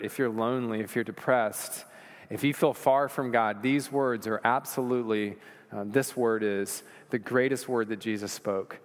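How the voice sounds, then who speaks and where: A man preaching a sermon, joking and conversational at first, then building to earnest emphasis. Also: mid-range voice. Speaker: pastor. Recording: long hall reverb.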